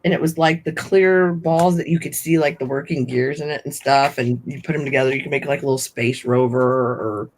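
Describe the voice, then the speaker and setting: A woman guest on a live stream, chatting in a lively way with quick asides and laughter. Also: a bass voice, a little hiss or hum, poor audio. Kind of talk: casual chat.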